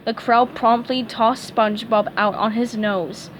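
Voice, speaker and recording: A woman's voice: a little high, steady tone, a little hiss or hum, poor audio. Woman reading a storybook aloud. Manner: slow, careful reading with small stumbles. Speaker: fan fiction reader. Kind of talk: storybook read-aloud narration.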